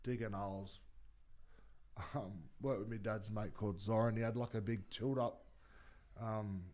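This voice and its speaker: Low-pitched Australian man, former rugby league player, casual rambling chat, lots of fillers and swearing. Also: steady tone, measured pace, darkish tone. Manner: rambling, swears freely, many fillers and restarts.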